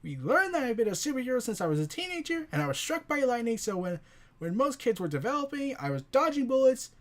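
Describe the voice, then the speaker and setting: Brief: a sarcastic young hero, voiced by a reviewer, quick and lively, listing his misery. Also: mid-range voice, voice pushed up, natural voice. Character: bitter young male superhero complaining about his life.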